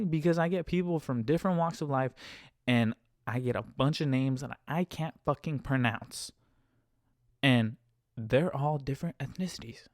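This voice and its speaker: A man's voice: mid-range voice, moderate pace, no room sound. A man rants his way through a driving story on a podcast, loose and profane, tripping over repeated words whenever he gets flustered. His voice sits in a middle register. It is recorded close and dry, with no room sound around it. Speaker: podcast host and rideshare driver. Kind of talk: casual storytelling rant.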